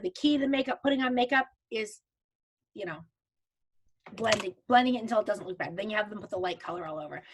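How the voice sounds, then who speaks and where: Woman leading a live online class, chatty and a bit higher-pitched, talks through steps with restarts, on a video call. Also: fairly bright tone. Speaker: makeup consultant teaching a virtual class. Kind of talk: casual live video training.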